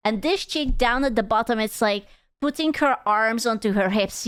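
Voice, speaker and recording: Young woman, streamer, animated reaction talk, fairly high voice, dry close sound. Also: smooth, no echo. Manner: animated, exclaiming, quick asides. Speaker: VTuber streamer. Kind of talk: casual reaction commentary.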